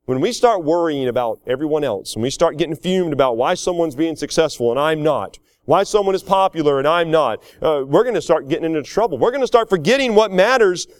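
A middle-aged man with a drawl preaches with homespun energy, laughing often and slipping into quoted voices. His voice sits a little high for a man. The sound is dry and close, with no room around it. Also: brisk, hardly any pauses, no room sound. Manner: folksy, animated preaching with chuckles and acted-out quotes. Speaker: pastor. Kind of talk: sermon.

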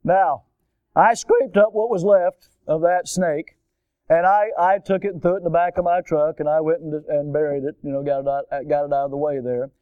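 Animated storytelling man preaching. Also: fairly high pitch, normal speed, smooth, dry recording, phone-quality sound. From Florida. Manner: animated storyteller, acts out voices. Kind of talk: storytelling sermon.

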